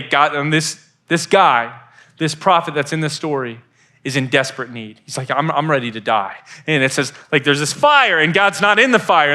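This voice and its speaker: An animated man in his thirties preaches to a youth group, his bright voice sitting a little high for a man. He tells stories with energy and acts out the voices on the phone. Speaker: youth pastor. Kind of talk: youth sermon.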